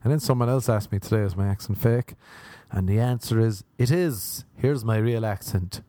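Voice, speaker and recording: A man's voice: lowish voice, moderate pace, dark tone, no echo. A young Irish man, a stand-up comedian, rambling self-mockingly through a casual podcast outro.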